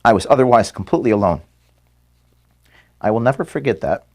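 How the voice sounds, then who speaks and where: A man barely holding back tears says a stumbling goodbye to his team from an office room, repeating words and apologizing for being so emotional. His voice is mid-range with lively intonation.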